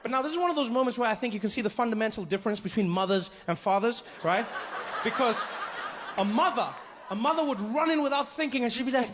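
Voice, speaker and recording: A male stand-up comedian on a live stage, telling a story with an animated delivery and slipping into characters. His speaking voice sits fairly high for a man. Audience laughter and steady hiss run under the mic. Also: quick pace, big-room sound. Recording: live show with audience noise.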